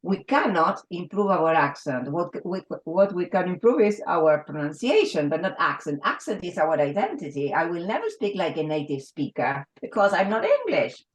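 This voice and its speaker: A woman's voice: lowish voice, sing-song, normal speed, hardly any pauses, poor audio. A woman with an Argentinian Spanish accent, a native Spanish speaker and English teacher, talking earnestly and emphatically in a round table discussion with frequent restarts.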